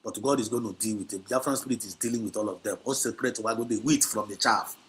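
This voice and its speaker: Speaking fast in a fairly low-pitched, fairly bright voice, an activist livestream host with a Nigerian Igbo accent exhorts and scolds his audience. He switches between Igbo and English, hammering points home with emphatic repetition.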